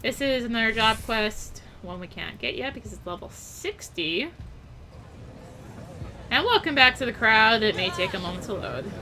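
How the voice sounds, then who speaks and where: A woman's voice: fairly high pitch, expressive, normal speed, noisy background. A woman casually commenting as she plays a video game, with chatty, wry asides. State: hiccups. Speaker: let's play host.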